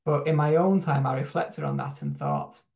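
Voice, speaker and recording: Reflective man, gravelly, roomy echo. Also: a little high, huge pitch swings, a little mellow. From United Kingdom. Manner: reflective, halting, with frequent fillers and restarts. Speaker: church human rights team member. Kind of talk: personal testimony talk on a video call. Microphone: video call. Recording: roomy echoing sound.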